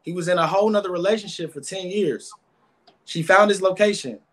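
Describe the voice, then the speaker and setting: A man's voice: sits high, brisk, a bit bright. A man guest giving emotional, rambling interview answers, often repeating words.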